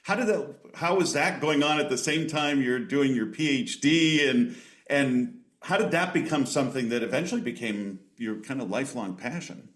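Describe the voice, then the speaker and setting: A man's voice: mid-range voice, moderate pace, fairly bright tone. A man hosting a podcast interview, asking long, winding questions. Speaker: podcast host.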